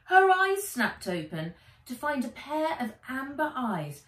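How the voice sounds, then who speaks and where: A woman author reading her children's book aloud in an expressive, animated way, recording in a small shed. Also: high voice, slow. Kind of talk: storybook read-aloud. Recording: echoey room, mic a bit distant.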